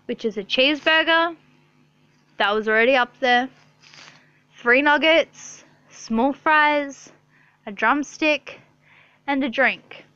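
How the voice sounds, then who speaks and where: A young woman with a high, bright voice tells a rambling storytime vlog, exasperated and swearing freely. She speaks at an unhurried pace. The sound is dry and slightly dull. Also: dry recording. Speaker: vlogger.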